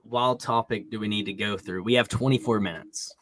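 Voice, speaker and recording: A man's voice: on the low side, fairly quick, a bit bright, dry recording. A man hosting a casual group podcast, laid-back and profane, laughing often and filling gaps with ums. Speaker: podcast host.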